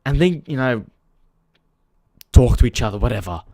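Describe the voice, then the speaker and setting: Frustrated, swearing football host. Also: male voice, medium pitch, animated, normal speed, mellow, no room sound, studio quality. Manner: ranting, swears freely; frustrated, talks to viewers directly. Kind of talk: casual live-stream chat.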